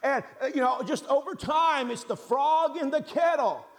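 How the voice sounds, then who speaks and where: A man preaching a sermon as pastor, asking his listeners rhetorical questions and swinging from loud emphatic stresses down to quiet asides. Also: very high voice, moderate pace. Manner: asks the congregation rhetorical questions.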